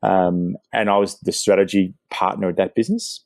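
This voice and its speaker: Middle-aged Australian man, very deep voice, dry sound, relaxed and hesitant guest. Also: normal speed, vocal fry, no echo. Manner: relaxed, frequent "um" and "uh". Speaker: interview guest, retail expert. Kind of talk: self-introduction in an interview.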